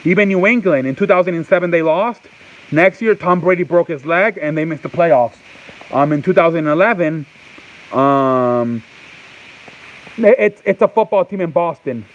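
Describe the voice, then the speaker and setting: A man's voice: fairly high pitch, normal speed. Rambling man talking sports, muffled. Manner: rambling, repeats himself, restarts often; answers off-mic chat and reads live comments. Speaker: sports talk show host. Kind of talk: casual sports chat.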